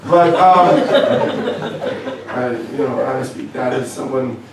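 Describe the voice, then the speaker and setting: A man's voice: medium pitch, recorded from a distance. Canadian man doing wry stand-up. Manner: wry, self-deprecating, halting with many fillers. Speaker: stand-up comedian. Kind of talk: stand-up comedy set. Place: comedy club. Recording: echoey club, voice from afar, faint room noise.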